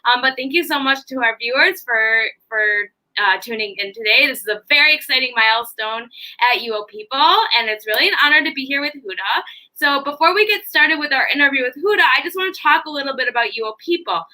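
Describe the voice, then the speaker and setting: High bright Chicago-accented woman host. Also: lively intonation, quick pace, poor audio. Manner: upbeat, frequent um fillers. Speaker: interviewer and host. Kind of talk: live online interview.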